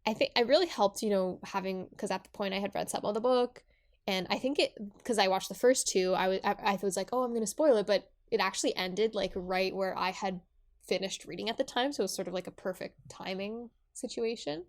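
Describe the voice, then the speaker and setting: A woman's voice: medium pitch, fairly quick. Chatty young woman podcaster. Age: 20s. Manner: chatty, many fillers and restarts. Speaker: podcast co-host. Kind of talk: casual chat.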